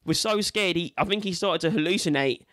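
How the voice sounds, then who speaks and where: A young man in a loose podcast chat, his voice sitting high for a man as he tells a story. He swears freely and keeps the tale rolling with an animated, excitable pace. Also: brisk. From England. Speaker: podcast guest.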